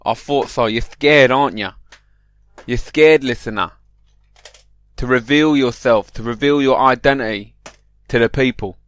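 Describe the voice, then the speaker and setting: Man, comic podcast host, mock-paranoid rambler, smooth voice, dry close mic. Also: mid-range voice, a bit bright, no room sound. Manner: addresses the listener directly. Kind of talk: mock-serious comic monologue.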